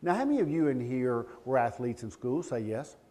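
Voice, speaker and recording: A man, giving a live training talk as a law enforcement trainer, animated and joking, calling out questions to the crowd. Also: mid-range voice, a little fast. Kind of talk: live seminar talk to an audience. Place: room with a live audience.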